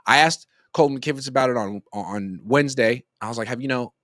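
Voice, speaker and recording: A man's voice: mid-range voice, a little fast, a bit bright, dry recording, studio quality. A man in his thirties giving casual sports commentary as a rambling, joking storyteller. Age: 30s.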